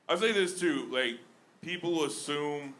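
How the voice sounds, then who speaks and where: A man's voice: on the high side, fairly bright tone. A young man from Alabama, with an Alabama accent, doing a self-mocking stand-up set on a comedy club stage. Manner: self-mocking, chatty with laughs in the flow.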